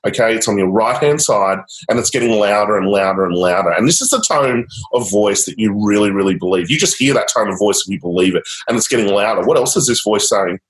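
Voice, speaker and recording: Man, low voice, guided coaching, upbeat encouraging, echoey room. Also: quick pace, hardly any pauses. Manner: upbeat, repeats encouragement, casual fillers. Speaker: change coach. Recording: roomy echo.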